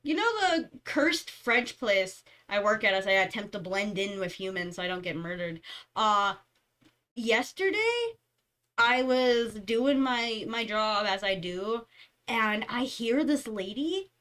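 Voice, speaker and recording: A woman's voice: medium pitch, fairly bright tone. A young woman streamer chatting casually, rambling through stories and giggling often. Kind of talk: casual chat.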